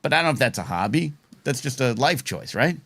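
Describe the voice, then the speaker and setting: A man's voice: medium pitch, expressive, quick pace, a bit bright, dry recording. A man in his forties hosting a live talk show, rambling and self-deprecating in casual banter.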